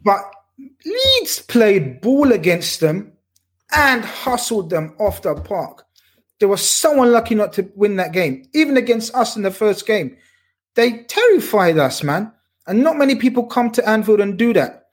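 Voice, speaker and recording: A man hosting a casual football chat, talking in an animated, slangy, emphatic way. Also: high-pitched, measured pace, husky. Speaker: podcast host.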